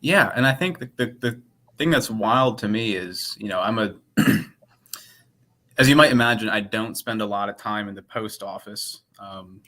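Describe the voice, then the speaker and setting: A man who works as a pharmacist and company head, giving measured, explanatory answers in a casual interview. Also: lowish voice, sharp tone.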